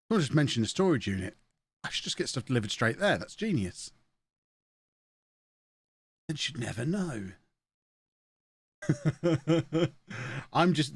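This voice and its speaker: This English man's mid-range voice comes through a dry, close desk-mic recording. Chatting casually on a live stream, he cracks jokes, laughs a lot, and addresses both the people in the room and the chat.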